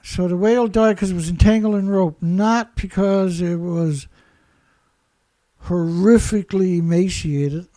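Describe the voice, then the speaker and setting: A man speaks high in his range, close and dry with no room around him. His commentary drips with sarcasm. He tosses out rhetorical questions, laughs at his own jabs and drags out the words he wants to stress. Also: fairly even intonation, unhurried, dark tone, no room sound. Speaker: environmental commentator.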